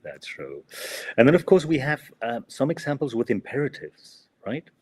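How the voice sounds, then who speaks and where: A man's voice: medium pitch, sing-song, normal speed, husky. A man co-hosting a podcast English lesson, hesitant and full of fillers, often adding "no?" to his sentences. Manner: hesitant, many fillers and tag "no?". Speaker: co-host and English teacher.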